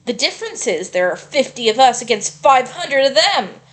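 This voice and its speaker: A woman's voice: high voice, big pitch swings, normal speed, voice pushed up. A woman reading out an angry male gang member. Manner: reads game dialogue aloud plainly, heated curses.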